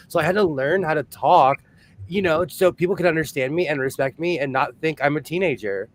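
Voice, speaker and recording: Fast-talking chatty man from Los Angeles. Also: on the high side, slight background noise. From San Fernando Valley, Los Angeles. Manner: quick, chatty, laughs often, reads viewer comments aloud. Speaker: co-host of a sewing livestream. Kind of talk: casual livestream chat.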